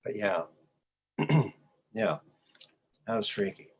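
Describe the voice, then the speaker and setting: A man hosts a podcast with a husky, slightly breathy voice. He tells his stories casually and animatedly, slipping into the voices of the people in them. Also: on the low side, slow pace. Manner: animated storyteller who acts out quoted voices. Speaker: podcast host. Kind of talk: casual conversational storytelling.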